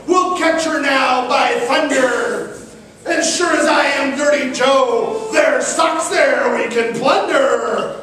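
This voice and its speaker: A man voicing a cruel, greedy pirate captain who bellows drawn-out orders, in a live storytelling show. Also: very high voice, bright, forceful tone, exaggerated voice. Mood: gloating. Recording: echoey hall from far off with audience.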